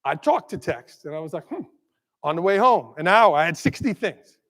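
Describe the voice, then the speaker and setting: A middle-aged man tells stories and jokes from a conference stage, drawing the audience in with questions. His voice sits high for a man. Long reverb from a big hall trails after his words. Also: brisk. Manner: animated storyteller, asks the audience questions. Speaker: keynote speaker. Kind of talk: energetic keynote talk with jokes.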